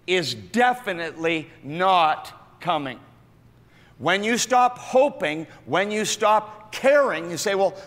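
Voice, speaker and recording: A male pastor delivers a sermon in a slightly high, gravelly voice. He swings between loud, animated bursts and hushed asides. The sound rings with a long hall reverb.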